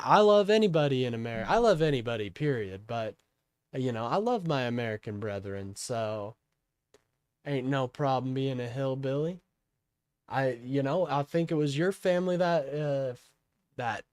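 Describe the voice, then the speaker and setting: A man's voice: mid-range voice, a little mellow, no room sound. Young guy streaming politics, chatty and rambling, dry close mic, lots of ums. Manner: rambling, talks to chat, many fillers. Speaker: livestream host. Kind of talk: casual political livestream chat.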